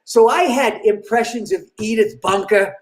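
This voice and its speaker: An older man with a Boston accent, a comedian appearing as a guest, tells stories in a lively, animated way, laughing often and slipping into character voices. His voice is high-pitched at normal speed, and the sound is roomy.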